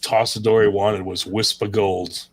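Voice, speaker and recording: A man's voice: fairly low pitch, flat delivery, measured pace, dry recording. An American man co-hosting a casual podcast, joking crudely and laughing often. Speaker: co-host.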